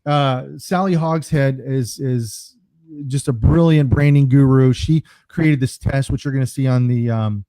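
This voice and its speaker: A man who is a brand strategist, a guest on a casual podcast interview, telling stories in an animated way with jokes. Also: mid-range voice, measured pace, no echo. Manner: animated storyteller, jokes around.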